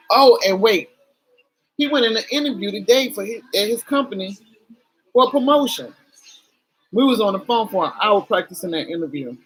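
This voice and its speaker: A middle-aged woman chatting straight to her camera in a candid, emotional way, with casual swearing. Her voice is husky and breathy, and it sits at an ordinary middle pitch. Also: rough recording. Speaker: vlogger.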